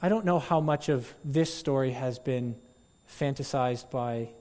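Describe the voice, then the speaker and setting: A man pastor giving a sermon, telling a story with animated delivery and acting out crowd voices. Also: mid-range voice, measured pace, long reverb tail. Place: church.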